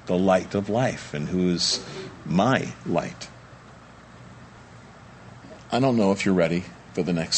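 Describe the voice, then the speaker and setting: A man's voice: low voice, slight background noise. A man, a pastor, preaching a sermon and acting out the disciples' panic during the storm. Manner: animated, acts out disciples' panicked voices.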